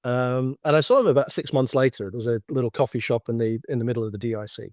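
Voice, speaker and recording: A man's voice: mid-range voice, fast talker, darkish tone, no room sound, studio quality. A middle-aged man giving a slide-based business presentation as a consultant guest, explaining points and telling anecdotes with frequent restarts.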